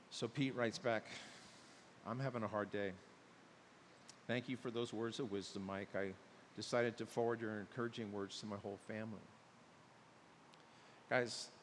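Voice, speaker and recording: Man preaching a sermon in a reverberant hall. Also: mid-range voice. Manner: storytelling, rising to loud emphatic peaks. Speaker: pastor. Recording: long hall reverb, faint hiss.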